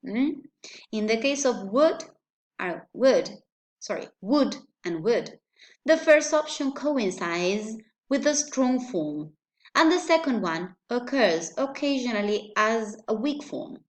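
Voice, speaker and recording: A woman gives a pronunciation lesson in an unhurried, careful way. Her voice sits a little on the high side, and she often stops to check in with a questioning "hmm?". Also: expressive. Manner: slow, deliberate, with frequent "hmm?" checks. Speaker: teacher.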